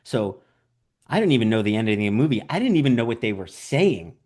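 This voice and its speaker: A documentary director with a fairly low voice speaks quickly in an interview conversation. He tells stories animatedly, acting out quotes and leaning heavily on "like" and "you know."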